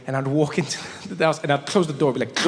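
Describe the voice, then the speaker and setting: A man telling a stand-up comedy story, animated and playful. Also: fairly high pitch, quick pace, in a large hall.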